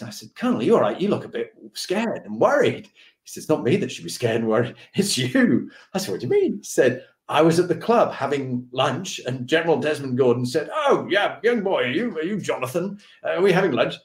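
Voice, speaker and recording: A man recounts an army anecdote, acting out each voice in the story. His pitch rises and falls widely as he goes. The recording has a roomy echo. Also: brisk. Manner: acts out dialogue with lively voices and laughs. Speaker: storyteller recalling army days. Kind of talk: animated anecdote telling.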